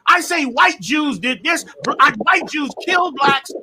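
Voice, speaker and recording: A man in a heated debate, talking in a forceful, preachy way and shouting at times. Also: very high-pitched, expressive, measured pace, noisy background. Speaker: debater challenging a rabbi.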